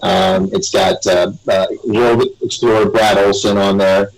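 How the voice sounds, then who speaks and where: A man's voice: on the low side, flat delivery, unhurried, gravelly, low-quality recording. A man guesting on a live web radio show, telling stories in a rambling, casual way and chuckling between them.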